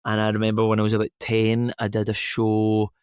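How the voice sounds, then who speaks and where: A man's voice: on the low side, brisk, clear, resonant tone, dry recording, studio quality. A young Scottish man, an actor, chatting in an interview, telling stories with lots of ums and restarts. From Scotland. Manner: relaxed storytelling, many ums and restarts. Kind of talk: casual interview chat.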